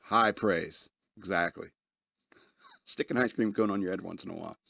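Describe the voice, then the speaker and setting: A man's voice: deep voice, moderate pace, gravelly, bright, forceful tone, husky, no room sound, studio quality. A man hosting a podcast, casually reviewing a movie, rambling with lots of fillers and often laughing as he retells scenes.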